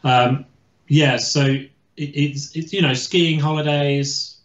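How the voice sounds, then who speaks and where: A man's voice: a little high, steady tone, slow, a bit bright. Hesitant male historian on an echoey call. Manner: hesitant, many restarts and fillers. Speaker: guest historian. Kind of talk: casual expert explanation. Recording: echoey and dull lo-fi.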